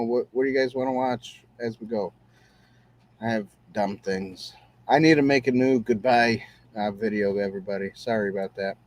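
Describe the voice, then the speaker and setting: A man's voice: medium pitch, a little mellow. Easygoing rambling male podcast host. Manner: rambling, easygoing, many fillers and restarts. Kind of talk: casual show-review chat.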